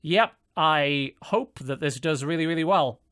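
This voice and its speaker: A man's voice: on the high side, measured pace, a bit bright, clear, resonant tone. A man hosting a casual gaming podcast, dry and matter-of-fact as he moves through the list. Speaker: podcast host. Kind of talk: casual chat.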